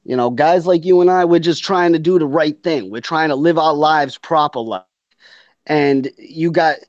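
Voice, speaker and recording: A man in his thirties speaks in an earnest, reflective way during a casual chat and laughs easily along with his partner. His voice sits a touch high. The sound is dull, lo-fi and dry. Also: no room sound.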